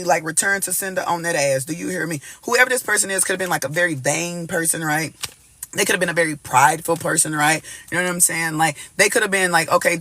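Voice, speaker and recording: A man gives a casual tarot reading in a high, bright voice. He is animated and emphatic, peppers every line with "y'all" and bursts into snatches of gospel song. The sound is dry and close, with no room echo. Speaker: tarot reader.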